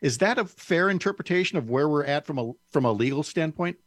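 A man hosting an interview, reading a scripted introduction and then asking questions in a measured, slightly halting way. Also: a little high, animated, dry recording, studio quality. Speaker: radio show host.

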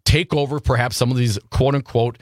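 A man's voice: medium pitch, steady tone, a little fast, no echo, clean studio sound. A man hosting a talk radio show, chatting casually about politics, full of rhetorical questions and repeated words.

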